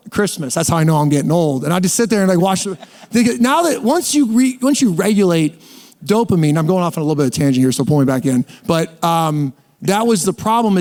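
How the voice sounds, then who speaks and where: Higher-voiced man telling his faith story. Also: darkish tone. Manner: rambling storyteller with many restarts; often speeds up in bursts. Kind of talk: casual faith testimony.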